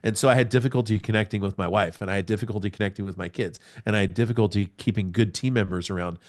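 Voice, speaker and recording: A man in his forties, a podcast guest, telling a personal testimony in a lively storytelling way with sound words. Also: on the low side, racing. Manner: animated storyteller, acts out scenes with sound words.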